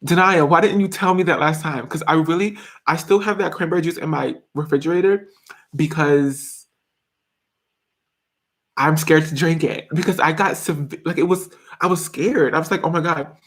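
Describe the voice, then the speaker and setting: A man's voice: on the high side, normal speed, fairly bright tone. A man in his twenties chatting casually on a live stream, reading viewer comments in a giggly, rambling way. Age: 20s.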